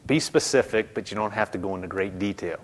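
A man's voice: on the low side, fast talker. A man preaching a sermon in a conversational way, stumbling over repeated words and acting out quoted voices. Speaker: pastor.

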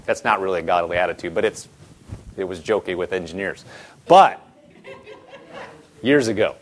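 A man's voice: low-pitched, moderate pace. A man preaching a conversational sermon, asking lots of rhetorical questions and acting out people's thoughts.

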